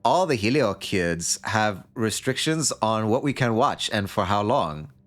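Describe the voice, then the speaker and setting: A man voicing a shy young colonist kid who loves cartoons, in a put-on mock European accent with slow, drawn-out delivery. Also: on the low side, animated, a bit bright. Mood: conspiratorial. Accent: mock Tommy Wiseau-style European accent. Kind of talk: acting out a visual novel character.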